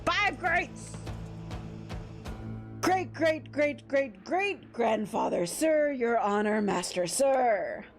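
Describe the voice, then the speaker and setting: A woman's voice: on the high side, expressive, drawn-out words, faint music behind, full character voice. A woman voicing a nervous young man who fumbles through deferential titles in a game read-aloud. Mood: flustered.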